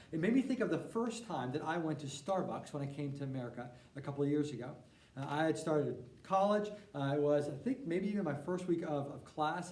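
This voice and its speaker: A young man teaching a church course by video, relaxed and with frequent fillers as he tells a personal story. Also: a little high. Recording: roomy sound from a distant mic.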